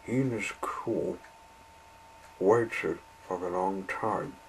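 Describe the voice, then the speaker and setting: A man reading a children's story aloud in a slow, deliberate way. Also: deep voice, a little hiss or hum, rough recording.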